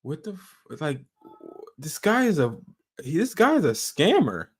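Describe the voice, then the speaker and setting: A man's voice: a little high, wildly swooping pitch, measured pace, breathy edge. A male host giving reaction commentary in a blunt, indignant way.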